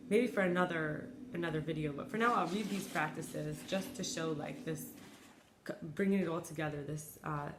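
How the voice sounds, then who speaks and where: A woman talking reflectively and reading personal letters aloud in a soft, halting, confessional way. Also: sits low. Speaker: wellness vlogger. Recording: echoey room with faint ambient noise.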